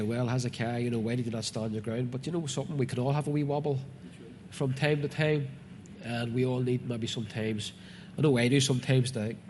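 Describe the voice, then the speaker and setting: A man of medium pitch, speaking with a Northern Irish accent, delivers a sermon, reading Bible passages and explaining them to his congregation in an earnest, conversational manner. The reverberant hall carries faint ambience, and there is slight background noise.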